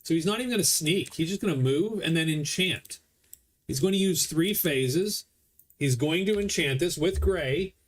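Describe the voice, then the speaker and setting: A man's voice: fairly high pitch, animated, normal speed. Man chatting through a board game. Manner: chatty, explains rules as he plays. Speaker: board game player streaming a solo playthrough. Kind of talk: casual game commentary.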